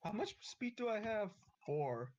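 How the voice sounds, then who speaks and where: A man's voice: sits high, big pitch swings, unhurried, darkish tone. A man playing a tabletop game with friends, thinking aloud and counting out his moves. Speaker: player. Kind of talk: casual tabletop game chat.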